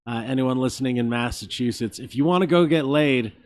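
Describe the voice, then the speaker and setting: A man's voice: mid-range voice, brisk. A man hosting a podcast, chatting casually with short replies and joking asides. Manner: short backchannels and laughing asides. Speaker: podcast host. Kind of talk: casual interview chat.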